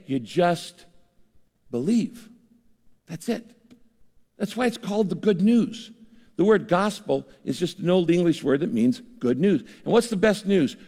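A man's voice: on the high side, unhurried, vocal fry, darkish tone, long reverb tail. An older man preaching a sermon in an earnest, conversational way, speaking to a large church auditorium. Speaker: pastor.

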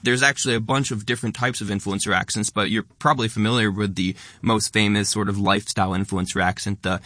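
A man with a fairly low voice, talking fast and stressing many words as he explains his ideas. The recording is dry and close, with no room sound. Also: fairly even intonation, bright, forceful tone, no room sound. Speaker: guest, educational video creator. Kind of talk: conversational interview.

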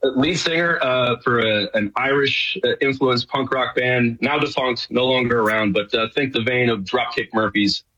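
A man's voice: mid-range voice, normal speed, few pauses, bright, forceful tone, breathy edge, muffled recording. A middle-aged man from New York, a guest chatting casually in a radio interview, rambling with many fillers and restarts. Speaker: guest, show host.

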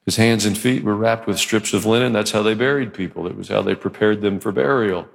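A man's voice: fairly low pitch, a little fast, creaky. A male pastor preaching a sermon in church, in a conversational, joking manner. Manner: conversational and joking, acts out quotes.

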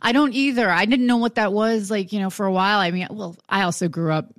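A woman's voice: medium pitch, fast, no room sound, studio quality. Chatty woman with a Buffalo accent. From Buffalo, New York. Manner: chatty, laughs often. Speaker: radio show co-host. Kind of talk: casual chat.

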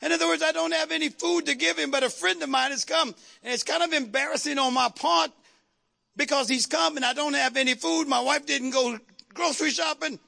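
A man preaching a sermon to his congregation, calling out to the crowd and shouting at the peaks. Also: very high-pitched, steady tone, fairly quick, gravelly. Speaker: pastor. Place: church sanctuary.

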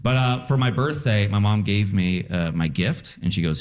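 A man's voice: lowish voice, normal speed. A man doing a stand-up comedy set on a live stage, telling personal stories. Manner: storytelling with animated voices for quotes.

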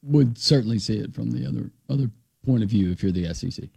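A man's voice: mid-range voice, fast talker, creaky, mellow, breathy edge, dry recording. A man co-hosting a casual sports talk show, rambling and acting out little quotes.

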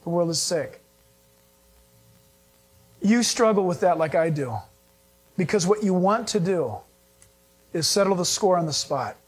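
Animated husky-voiced male pastor preaching. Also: high-pitched, unhurried, long pauses. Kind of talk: sermon.

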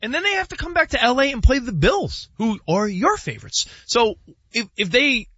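A man co-hosting a casual sports talk show, animated and teasing as he goes through a team's schedule. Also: very high-pitched, normal speed, husky, no echo, lo-fi sound. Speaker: sports radio co-host.

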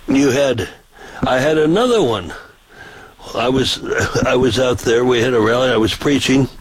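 A man's voice: mid-range voice, husky, no echo, poor audio. An older man, a street preacher, telling folksy stories in casual chat with many restarts. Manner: folksy, rambling with repeated restarts. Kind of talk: casual storytelling.

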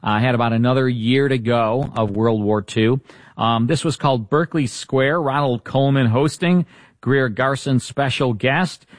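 Relaxed older radio host, man. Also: medium pitch, moderate pace, dry recording, clean studio sound. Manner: relaxed, conversational. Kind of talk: casual radio hosting.

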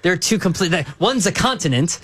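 A man's voice: sits high, animated, normal speed, fairly bright tone, dry recording, clean studio sound. A man co-hosting a sports radio show, arguing his point insistently in casual banter. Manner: insistent, argumentative. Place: radio studio in Chicago.

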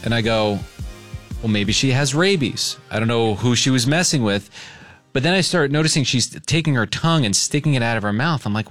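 A man's voice: mid-range voice, fairly quick, soft background music. A man hosting a radio talk show, telling a story with lots of energy and acting out the quotes in a raised voice. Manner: lively, acts out quotes in a raised voice.

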